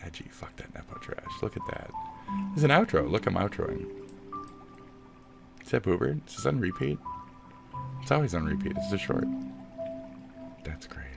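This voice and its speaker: A man's voice: fairly low pitch, very animated, normal speed, creaky, pauses often, music in the background. A man streaming live who rambles, jokes and swears in mock outrage while signing off. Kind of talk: casual live-stream sign-off chat.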